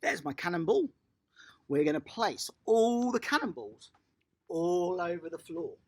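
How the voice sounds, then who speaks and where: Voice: medium pitch, sing-song, measured pace, breathy edge. An upbeat adult tennis coach, running an online class for small children and cheering them on by name.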